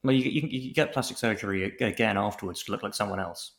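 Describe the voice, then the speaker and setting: Gravelly low-voiced man joking around. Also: fast talker. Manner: joking, rambling with restarts. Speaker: podcast co-host. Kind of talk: casual chat.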